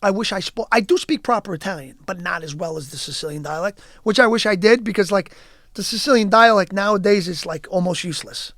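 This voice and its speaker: A man's voice: high-pitched, a little fast, a bit bright, dry recording, clean studio sound. A man from Yonkers, New York, talking as a guest on a podcast, telling stories in a rambling way full of "you know" and restarts. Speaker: guest actor. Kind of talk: casual podcast chat and storytelling.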